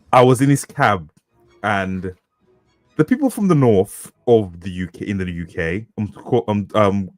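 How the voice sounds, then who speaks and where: Male podcast co-host from the UK, 30s, animated swearing storyteller, dry close mic. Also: lowish voice, no echo. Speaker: co-host, author. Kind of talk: casual podcast chat.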